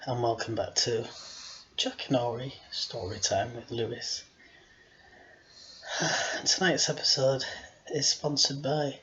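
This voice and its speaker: A man of middle pitch, rambling and sighing through a casual joke-telling video. He pokes fun at himself as he wanders off topic. The recording sounds slightly dull and lo-fi. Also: fairly even intonation, takes it slowly, long pauses, a bit bright, slight background noise. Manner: rambling, self-mocking, sighing often. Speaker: storyteller host.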